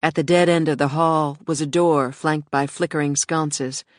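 A narrator reading an audiobook in a steady, measured way. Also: mid-range voice, no room sound, studio quality.

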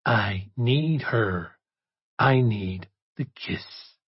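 A man's voice: on the low side, animated, breathy edge, dry recording, heavily acted. A man playing a desperate, strung-out addict. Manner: slow, strained, pleading. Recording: dry, dull lo-fi recording.

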